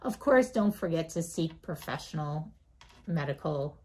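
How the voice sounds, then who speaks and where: A woman doctor recounts a patient story as a guest, voice sitting a little low. She tells it with lively swings, acting out the voices of the people in her story. She laughs often as she talks. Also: measured pace, slightly rough. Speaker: physician guest. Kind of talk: animated storytelling in an interview.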